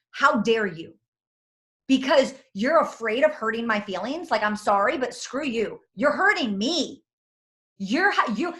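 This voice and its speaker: A woman speaking bluntly and energetically on a video call, acting out quotes as she goes. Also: a little high. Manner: blunt, animated, fast-shifting, acts out quotes. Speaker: guest speaker. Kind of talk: energetic casual talk.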